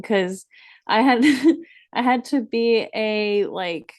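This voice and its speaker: A young woman co-hosting a podcast, chatting casually in a relaxed, giggly, self-deprecating way. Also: on the high side, slow pace. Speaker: podcast co-host. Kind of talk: casual chat.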